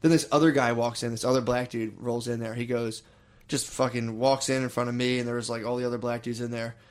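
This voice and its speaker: Fast-talking young man swearing casually. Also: medium pitch, little pitch movement. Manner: profane, laughing, acts out quoted people. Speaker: podcast co-host. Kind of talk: casual storytelling chat.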